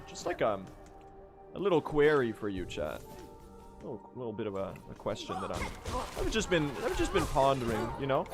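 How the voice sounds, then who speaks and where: A young man doing live, joking gameplay commentary as a speedrun streamer. He chats to his viewers and swears casually. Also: medium pitch.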